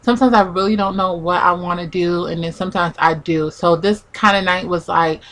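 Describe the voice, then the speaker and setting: A woman's voice: fairly low pitch, steady tone, brisk, a bit bright. A young woman vlogger telling a personal story in a chatty, casual way, full of "like" and acted-out quotes. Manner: chatty, peppered with "like", acts out quotes.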